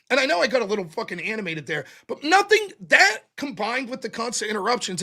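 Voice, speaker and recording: A man's voice: very high-pitched, big pitch swings, fast talker, gravelly, hardly any pauses, pushed and bright. A man casually recapping a debate he took part in, talking bluntly and swearing often. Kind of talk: casual post-debate chat.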